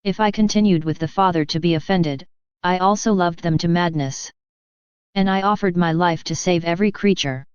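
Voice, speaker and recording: A grieving divine man pleads for love in solemn, earnest tones, voiced by a woman reading in her own lowish, very smooth voice. The sound is dry and a little dull and lo-fi. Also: normal speed, no echo, lightly acted. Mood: sorrowful. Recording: dull, slightly lo-fi dry recording.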